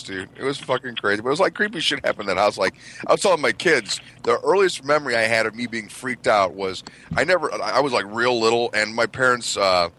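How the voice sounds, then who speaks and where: Bright-voiced, profane man telling stories. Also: medium pitch. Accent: Midwestern American. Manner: profane, animated, laughing storyteller. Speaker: podcast co-host telling stories. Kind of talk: casual storytelling among friends.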